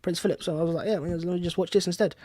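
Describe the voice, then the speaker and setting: A man's voice: high-pitched, steady tone, racing, a crowd in the background. A young man with a London accent, joking and riffing in casual football banter. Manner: jokey, riffs on words.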